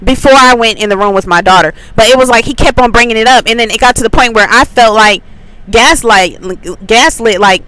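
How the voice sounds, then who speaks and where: Bright-voiced woman telling a story. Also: fairly high pitch, fairly quick, slight background noise, rough recording. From Atlanta, USA. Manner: chatty storytelling with many likes and ums. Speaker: faith channel host. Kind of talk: casual spiritual testimony.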